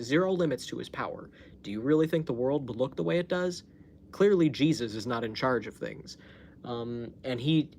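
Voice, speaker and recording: Hosting his own live stream at home, this man chats casually, tells a story, laughs a lot, and swears without restraint. His voice sits in the mid-range, and the phone recording carries slight background noise.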